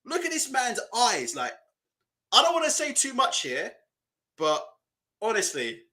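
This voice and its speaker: A man with a fairly high, bright voice reacts to clips on a live stream. His pitch swings a great deal as he mocks what he sees, asks rhetorical questions and breaks into laughter. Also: huge pitch swings, unhurried.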